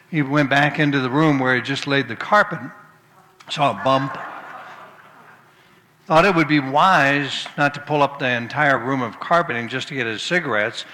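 Male preacher, folksy storyteller, bright forceful tone, reverberant room. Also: medium pitch. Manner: folksy storytelling, tells jokes then turns to scripture. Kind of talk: sermon with jokes.

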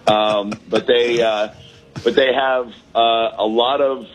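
A man's voice: mid-range voice, fairly even intonation, slow. A man, a comedian calling in from a balcony, chatting in a rambling, self-deprecating way with lots of fillers over a phone line. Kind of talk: casual chat. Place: hotel balcony.

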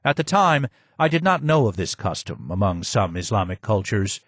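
A man reading a first-person memoir aloud as an audiobook narrator, in steady storytelling. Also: fairly low pitch, moderate pace, breathy edge, no room sound. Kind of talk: scripted narration.

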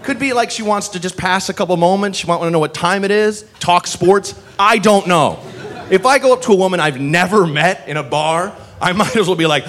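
A man's voice: sits high, fairly quick, crowd noise. A man doing stand-up comedy with a loose, offhand delivery.

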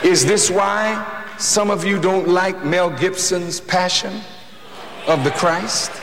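High-pitched man preaching in an echoey hall. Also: steady tone, creaky, a crowd in the background. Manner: preaching, rising to shouts, slow deliberate emphasis. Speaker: preacher addressing an audience. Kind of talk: impassioned speech. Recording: echoey hall with faint noise.

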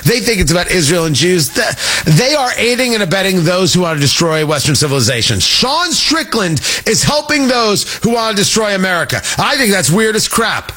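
A man's voice: sits high, sing-song, brisk, hardly any pauses, pushed and bright, faint music behind. A man hosting a radio talk show, talking in an emphatic, sarcastic way about politics.

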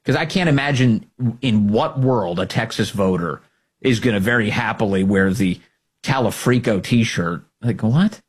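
A middle-aged man hosting a talk radio show, delivering mocking, sarcastic political commentary in an animated way. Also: fairly low pitch, moderate pace, breathy edge.

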